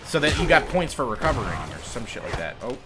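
A young man hosting a casual gaming session, excitable, shouting and laughing at the game. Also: medium pitch, fast talker. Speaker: gaming channel host. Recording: game music behind.

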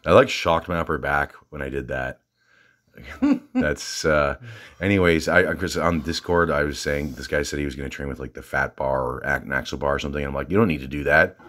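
Southern guy, extremely low voice, halting and filler-heavy, chatty gym vlogger. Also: a bit bright. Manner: rambling, halting, lots of fillers and restarts. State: out of breath. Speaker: fitness vlogger. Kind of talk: casual rambling gym vlog.

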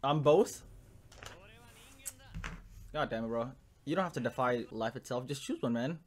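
A young man reacting to an anime episode in casual commentary, emotional and swearing, swinging from low muttering to loud outbursts. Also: normal speed.

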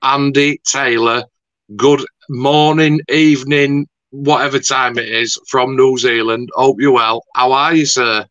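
A man's voice: medium pitch, steady tone, measured pace, fairly bright tone, dry recording, highs cut off. A man interviewing a guest in a rambling, chatty, mildly sweary way. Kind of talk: casual video-call interview.

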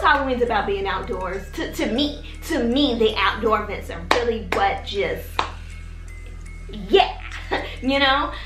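A woman with a fairly high, slightly bright voice hosts a casual advice vlog from her home in Texas. Chatty and addressing viewers directly, she keeps checking in with "okay?" The room sounds roomy, with faint music in the background.

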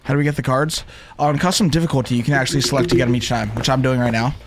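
A young man streaming a video game with excited, animated commentary, often firing the same questions again and again. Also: mid-range voice, rapid-fire, crowd noise. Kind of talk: live gameplay commentary.

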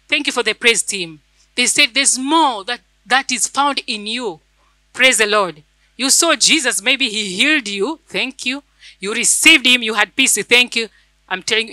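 A woman's voice: on the high side, pushed and bright, dry recording, rough recording. A woman church elder, preaching a fervent sermon and telling a personal testimony, repeating phrases for emphasis.

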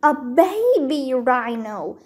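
A woman voicing a cheerful, excited young girl in a storybook read-aloud, her voice lifted well above her own. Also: high-pitched, slow, full character voice. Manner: bright, chatty, excited.

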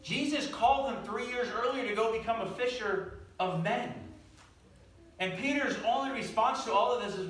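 A man's voice: extremely high pitch, normal speed, a bit bright. A man preaching a sermon, telling the story animatedly and asking the audience questions. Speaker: pastor. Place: church sanctuary. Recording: echoey room, from far off.

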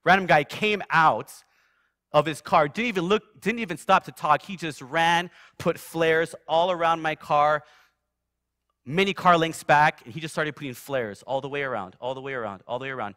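Brief: male preacher, slightly high, dry close sound, vivid testimony storytelling with loud swells and hushed drops. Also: normal speed, dry recording. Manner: vivid storyteller, surging loud then dropping soft. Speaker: guest preacher. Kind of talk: sermon with personal testimony. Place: church sanctuary.

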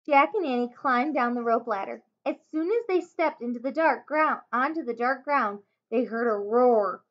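A woman teacher reading a children's chapter book aloud, expressive, with small slips and self-corrections. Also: a little high, moderate pace. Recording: dull lo-fi home recording.

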